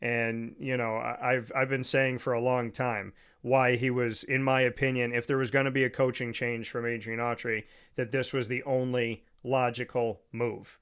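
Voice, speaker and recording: A man's voice: mid-range voice, flat delivery, normal speed, few pauses, fairly bright tone, clear, resonant tone. A man hosting a casual sports talk show, chatting easily and often repeating words as he starts a thought. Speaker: podcast host.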